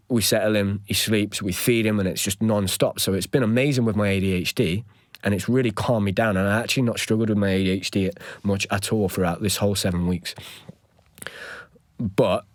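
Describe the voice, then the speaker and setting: A man's voice: on the low side, no room sound, studio quality. A young man, a podcast host, telling a candid personal story in an earnest, rambling way with lots of fillers.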